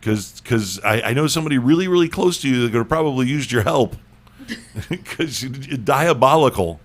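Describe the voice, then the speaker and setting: A man's voice: medium pitch, expressive, moderate pace. A male podcast host chatting casually, joking and teasing, often repeating words.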